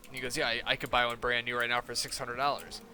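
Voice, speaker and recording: This streamer talks fast in a medium-pitched voice that's pushed and bright yet flat in delivery. Playing a game, he rants with profanity about an argument, quoting the other people mockingly in casual chat.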